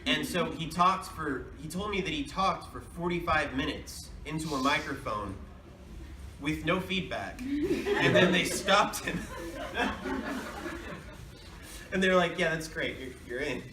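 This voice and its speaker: A man's voice: fairly high pitch, big pitch swings, unhurried, long pauses. A man, a voice actor, answering fan questions at a convention panel in a rambling, chatty way with frequent laughs. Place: large convention hall. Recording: echoey hall, distant mic, noisy.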